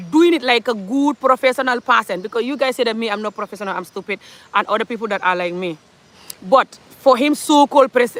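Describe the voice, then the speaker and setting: In a passionate social commentary monologue, a woman from Gambia fires off rhetorical questions and strong opinions. She's a vlogger with a fairly high, fairly bright voice.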